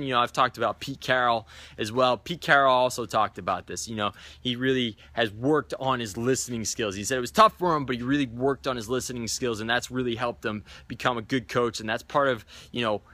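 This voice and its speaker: A man's voice: medium pitch, pushed and bright, no room sound. A man, a sales trainer, telling a coaching story in a daily video, animatedly acting out what people said.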